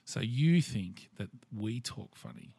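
Chatty Australian man, low voice. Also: lively intonation, slow, mellow, husky, no echo. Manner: rambling, storytelling with filler words. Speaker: conversation partner. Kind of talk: casual chat.

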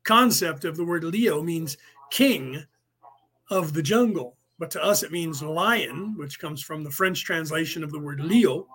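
This podcast host runs a livestreamed class with a husky, fairly bright voice on the high side. He explains loosely and casually, circling back over points and spelling out words one letter at a time.

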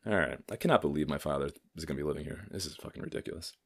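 A man's voice: a bass voice, very fast, vocal fry. A man in his thirties hosting a casual solo podcast, rambling and swearing freely while joking at his own expense. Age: 30s. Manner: profane, rambling, self-mocking jokester. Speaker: podcast host.

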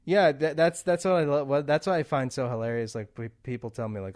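A man's voice: medium pitch, steady tone, fast, few pauses, a little mellow. Chatty man with easy laughs. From a non-English-speaking country. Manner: laughs often, many fillers and restarts. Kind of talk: casual chat.

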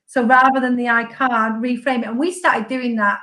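A woman's voice: fairly high pitch, flat delivery, normal speed, pushed and bright, low-quality recording. A woman, a guest on a recovery podcast, talking in a chatty, jokey, self-mocking way. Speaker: guest, sobriety coach. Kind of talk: casual podcast chat.

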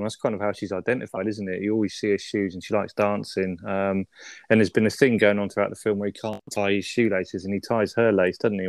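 A man's voice: lowish voice, dry recording. Chatty man, dry close sound. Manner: chatty, uses tag questions, swears. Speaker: film podcast co-host. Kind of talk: casual film review chat.

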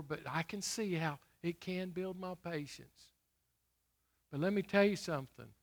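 A middle-aged man preaches an emphatic sermon, throwing questions at his listeners and slowing down to stress scripture. His voice is high-pitched and a bit bright.

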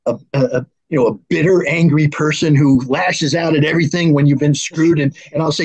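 A man's voice: on the high side, fairly even intonation, a little fast, few pauses, breathy edge, low-quality recording. A man speaking as an arms control expert, talking heatedly and acting out quoted exchanges between negotiators. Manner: acts out both sides in mock dialogue. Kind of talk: animated political discussion.

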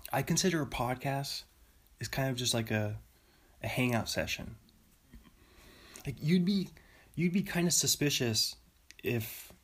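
A man's voice: medium pitch, breathy edge. A man hosting a solo podcast in a rambling, self-amused way, often laughing at his own jokes. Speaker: podcast host.

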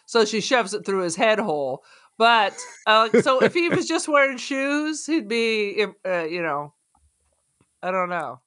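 A woman's voice: mid-range voice, big pitch swings, a little slow, fairly bright tone. A woman co-hosting a casual chat about a film, joking bluntly and swearing freely. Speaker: podcast co-host.

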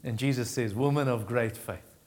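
A man preaching a sermon, retelling Bible stories and acting out the characters' pleas, with frequent restarts. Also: in a large hall. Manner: acts out Bible voices in a raised pitch, quiet and slow on comfort; halting restarts while teaching.

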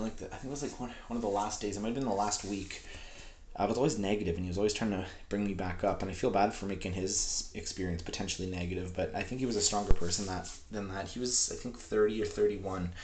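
A man's voice: on the low side, a little mellow, a little hiss or hum. A man in his twenties from Canada, rambling frankly and profanely in a personal audio diary. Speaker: vlogger.

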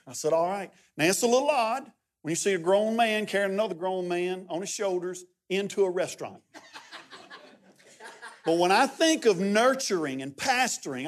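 High-voiced preacher telling stories. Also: male voice. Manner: storytelling, folksy, swings from hushed to loud. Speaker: guest pastor. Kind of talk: sermon.

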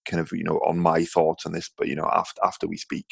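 A man with a very low voice hosts a podcast over a video call. He talks in a friendly, rambling way and keeps checking in with his guest. His recording is close and dry. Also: monotone, fast talker, gravelly, slightly rough, no echo. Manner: friendly, rambling, lots of fillers and "right?" checks. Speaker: podcast host. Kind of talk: casual interview.

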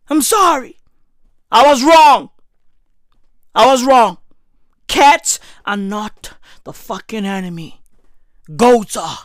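A woman rants comically, swearing often and bursting into shouts. Her delivery is slow and sits a little high. The sound is dry and close, with no room echo. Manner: loud, profane, often breaks into shouting. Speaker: vlogger. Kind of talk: comedic rant.

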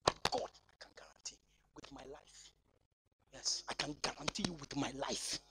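A man preaching a sermon in church, swinging between shouting and near-whispering. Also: mid-range voice, moderate pace. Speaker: pastor.

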